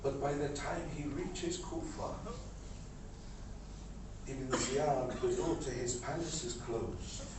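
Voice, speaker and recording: A man reciting a mourning sermon in short repeated lines that build into a shouted lament. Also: mid-range voice, slow pace, long pauses, background noise. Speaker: majlis reciter. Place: large hall at a mourning gathering. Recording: echoey hall from far off with music.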